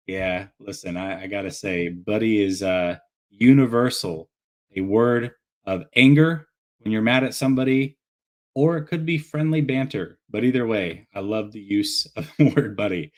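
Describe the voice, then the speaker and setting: A man's voice: medium pitch, normal speed. A man hosting a sports call-in show, casual and enthusiastic, heaping praise on his callers. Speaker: podcast host taking calls.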